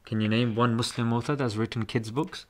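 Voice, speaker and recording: A man talks on a casual podcast, explaining points with animated emphasis. His voice sits at a medium pitch. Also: a little fast. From England. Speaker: podcast guest.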